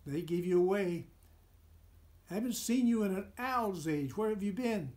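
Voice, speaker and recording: A man's voice: sits high, animated, measured pace, a little mellow, voice pushed up. A man voicing a giant male eagle who gives friendly advice, in a storybook reading. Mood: chuckling. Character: giant male eagle, chatty, kindly counselor.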